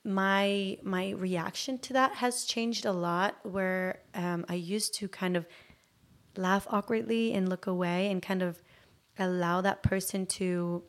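A woman, a podcast guest from Turkey, telling a story in casual chat, animated and acting out moments. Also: mid-range voice, slow pace. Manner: animated storyteller, acts out her own shouts.

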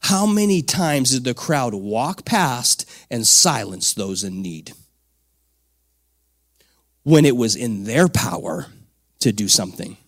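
A man preaching a sermon to men in a conversational way, swinging from quiet reflection to loud, energetic shouts. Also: mid-range voice, slow, pauses often. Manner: dynamic, swings from soft to shouting; conversational, with fillers and "come on".

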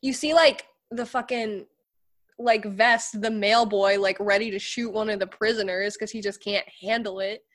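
A woman's voice: mid-range voice, fairly even intonation, normal speed, fairly bright tone. A woman in casual chat, retelling a TV episode with many fillers and swearing.

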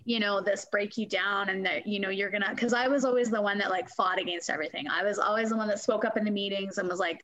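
A woman's voice: medium pitch, steady tone, fast, few pauses, sharp tone, no echo, rough recording. A woman, talking candidly in a casual interview, swearing freely and acting out quotes. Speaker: guest.

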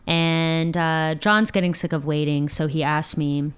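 A woman's voice: low-pitched, steady tone, measured pace, hardly any pauses, smooth. A young adult woman hosting a podcast, frankly telling a story from her own life, profane and laughing. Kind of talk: candid personal storytelling.

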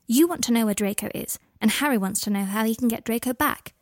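An earnest, anxious young woman pleads and apologizes in a lifted, soft voice, as a woman reads her. The delivery stays close and dry, with no room sound. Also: quick pace, no room sound, lightly acted. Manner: apologetic, pleading, raised pitch.

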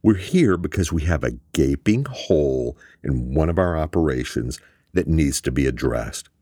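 A ruthless corporate boss, played by a man, cold and cutting with a sarcastic edge. The deep voice lifts higher and louder than the narration, pushing hard on key words, recorded dry and close. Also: lively intonation, normal speed, no echo. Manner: cutting and sarcastic, flaring into shouts.

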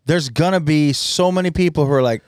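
A man's voice: a little high, fairly quick, a little mellow, dry recording, clean studio sound. A man co-hosting a casual podcast chat, laying out facts and retelling events in a matter-of-fact way. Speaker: podcast co-host.

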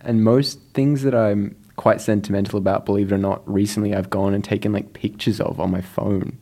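A man's voice: lowish voice, little pitch movement, a little fast, warm tone. A man co-hosting a podcast, thinking aloud hesitantly in casual chat. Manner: thoughtful, hesitant musing. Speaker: podcast co-host.

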